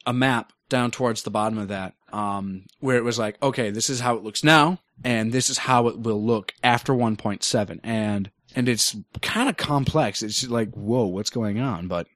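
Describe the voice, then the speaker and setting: A man's voice: mid-range voice, moderate pace, few pauses, a bit bright, no echo. Young male co-host, casual and jokey, dry close mic. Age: young adult. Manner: laid-back, rambling, jokey. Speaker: podcast co-host. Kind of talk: casual chat.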